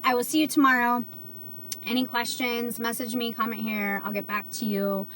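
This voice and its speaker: Chatty woman livestreaming, slightly high voice. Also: little pitch movement, normal speed, bright, forceful tone, a little hiss or hum. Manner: earnest, chatty, many fillers. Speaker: livestream host selling CBD. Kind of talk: casual livestream chat.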